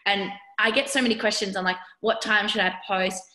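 A woman's voice: medium pitch, steady tone, fairly quick, bright, forceful tone, roomy sound. A woman with an Australian accent, a business owner guesting on a podcast, talking in a chatty way full of "like" and "you know". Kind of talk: conversational podcast interview.

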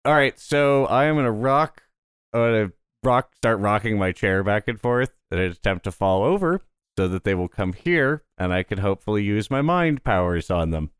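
A man's voice: fairly low pitch, animated, moderate pace, clear, resonant tone, no echo, studio quality. A man playing a tabletop game, laid-back and joking. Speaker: player. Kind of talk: casual chat.

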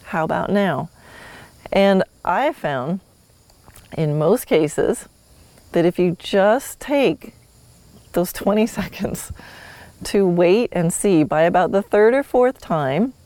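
A woman's voice: fairly low pitch, lively intonation, takes it slowly, dark tone, dry recording. A woman teaching horsemanship in a friendly, easygoing way. She laughs often and acts out how a horse might reply. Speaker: horsemanship instructor. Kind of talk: teaching an online course lesson.

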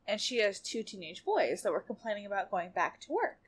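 A pregnant, tired woman co-hosting a casual podcast, an animated storyteller who laughs often. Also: mid-range voice, a little fast, husky. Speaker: podcast co-host. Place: home bedroom.

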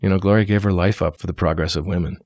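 A man's voice: deep voice, racing, no echo. A man from New York, an actor, chatting in an interview and acting out the lines he quotes. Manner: animated storyteller, acts out quoted lines. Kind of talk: casual interview chat.

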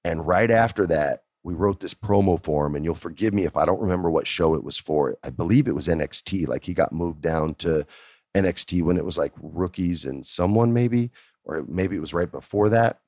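A middle-aged man from the United States telling a story in a casual, animated way, with lots of fillers and restarts. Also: low voice, brisk, no room sound, studio quality.

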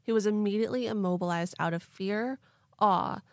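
A woman's voice: mid-range voice, normal speed, no room sound, studio quality. A woman hosting a podcast, telling a story in a chatty, playful way with lots of fillers. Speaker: podcast host. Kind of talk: casual storytelling chat.

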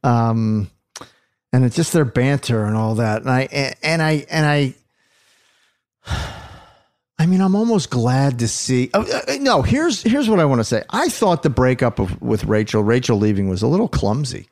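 Gravelly middle-aged man, rambling host. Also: medium pitch, big pitch swings, moderate pace, darkish tone. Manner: rambling, restarts, playful teasing. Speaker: podcast host. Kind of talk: casual chat.

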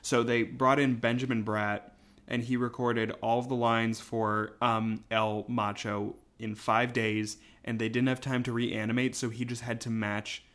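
A man's voice: mid-range voice, level tone, unhurried, a bit bright. A man co-hosting a podcast in casual chat, rambling with lots of fillers. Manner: rambling, filler-heavy, chuckles often. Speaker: podcast co-host.

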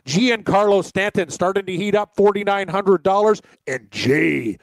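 A man co-hosting a casual sports chat, excitable and jokey, rambling through picks. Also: high voice, measured pace, no room sound. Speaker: co-host.

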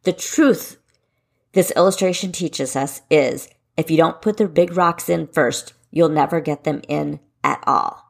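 A woman reading the lines of a calm male lecturer. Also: sits low, a little slow, gravelly, heavily acted. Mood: quizzing. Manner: calm, quizzing, matter-of-fact. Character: male expert speaker teaching a class.

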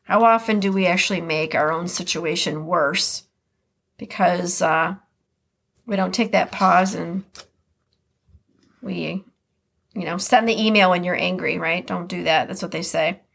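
A woman's voice: lowish voice, a little slow, creaky, long pauses, fairly bright tone, breathy edge. Chatty Midwestern woman podcast host. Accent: Upper Midwest American. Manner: chatty, reflective, reads quotes aloud then comments. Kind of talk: casual podcast monologue.

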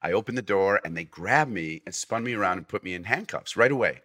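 A man sits in as a guest and tells a winding anecdote. His voice sits low but sounds bright and edged. He stumbles, restarts and slips into acted-out lines from the people he describes. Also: lively intonation, fast talker. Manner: rambling with restarts and acted-out quotes. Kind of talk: casual storytelling.

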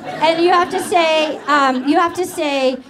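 A woman from Rhode Island hosting a talk show, joking and laughing as she chats with a guest. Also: high-pitched. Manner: joking, rapid, laughing often. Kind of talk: late-night talk show chat. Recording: studio audience crowd noise. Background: studio audience.

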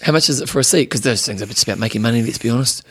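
A man's voice: mid-range voice, racing, slightly rough. A New Zealand man co-hosting a radio show, chatting casually and teasing his co-host. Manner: teasing, animated. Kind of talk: casual banter.

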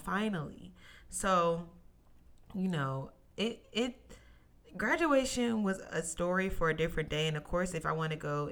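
Bright-voiced young woman telling her story. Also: deep voice. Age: young adult. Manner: emotional, near tears, testimony-like; animated, addresses listeners as y'all. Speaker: podcast host. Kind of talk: casual solo podcast storytelling.

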